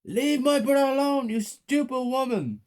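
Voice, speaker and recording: A man reading a horror story puts on a frightened young girl, pitched high and strained as she pleads. Her voice sounds anxious and thin. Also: big pitch swings, moderate pace, dark tone. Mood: pleading.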